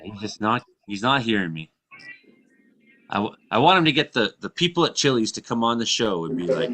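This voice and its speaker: Bright-voiced man hosting a live show. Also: medium pitch, very animated, a little fast. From Canada. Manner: rambling, laughs a lot. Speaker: podcast host. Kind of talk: casual live show chat.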